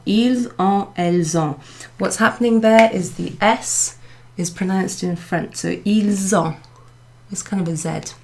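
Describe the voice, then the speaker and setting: A woman teacher slowly taking beginners through a French lesson, repeating phrases patiently and often pausing with ums. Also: on the low side, vocal fry, slight background noise. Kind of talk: recorded class summary lesson. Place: classroom in a pub venue.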